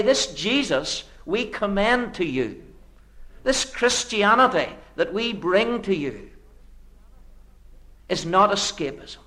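Earnest preacher with a lively pitch. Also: male voice. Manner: earnest, rhetorical, builds with repeated phrases; swings from hushed low phrases to sudden emphatic rises. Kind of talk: sermon.

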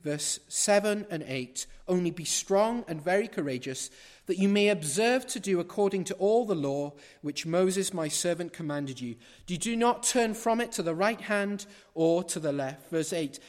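A man's voice: high-pitched, lively intonation, normal speed, few pauses, big-room sound. A middle-aged man preaching a sermon, emphatic and repeating phrases for stress.

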